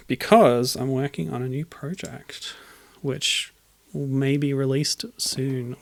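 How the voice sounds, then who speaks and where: A man streams a video game over game music, chatting casually and drifting onto tangents as he plays. His mid-range voice has a creaky quality.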